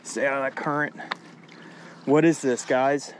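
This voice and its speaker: A young man vlogging outdoors at a lake, giving excited live commentary to his viewers and repeating himself as he fights a fish. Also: medium pitch, a little slow, heavy background noise. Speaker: fishing vlogger.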